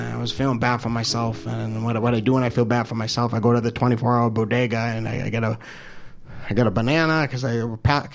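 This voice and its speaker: A man telling a personal story, halting and stammering, openly emotional and self-deprecating. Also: mid-range voice. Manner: halting, stammers and repeats words. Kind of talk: personal story told live.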